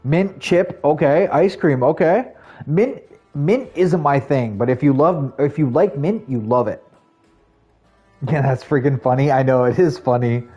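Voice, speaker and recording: A young man live streaming and chatting casually with viewers, rambling, laughing at himself and jumping into high voices for quotes. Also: unhurried, mellow, husky, faint music behind. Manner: rambling, self-mocking, laughs often, jumps pitch for quoted voices.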